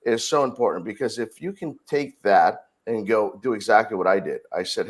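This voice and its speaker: A man's voice: fairly low pitch, normal speed, few pauses, slightly rough. A middle-aged man, a podcast guest, telling a work story in casual conversation and acting out the dialogue. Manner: animated storyteller, acts out dialogue. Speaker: podcast guest, security director.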